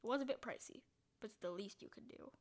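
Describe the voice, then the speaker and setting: A woman playing a text adventure, reading the story aloud in a hushed voice and breaking into loud, excited reactions. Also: fairly high pitch, fast, vocal fry, slight background noise. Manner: reads narration quietly, bursts into loud excited reactions. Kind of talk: casual let's-play narration.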